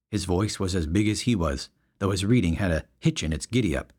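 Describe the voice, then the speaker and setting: A man's voice: low voice, lively intonation, brisk, darkish tone. A man narrating a western story in a wry storytelling manner. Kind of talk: audiobook narration.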